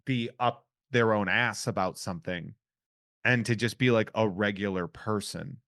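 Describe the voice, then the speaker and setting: A man's voice: fairly low pitch, moderate pace, fairly bright tone. A man hosting a podcast in casual chat, talking in loose, rambling sentences with lots of restarts. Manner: rambling, full of restarts and 'like' fillers. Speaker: podcast host.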